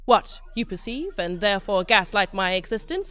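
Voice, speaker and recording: Mulher recitando poesia, lenta e lírica. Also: female voice, mid-range voice, a bit bright, no echo. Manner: slow, repetitive, lyrical. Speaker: spoken word poet. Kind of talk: spoken word poetry performance.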